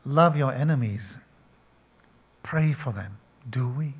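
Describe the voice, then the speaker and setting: An older man preaching a sermon, slow and emphatic, asking his listeners questions. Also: mid-range voice, slightly rough. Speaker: pastor.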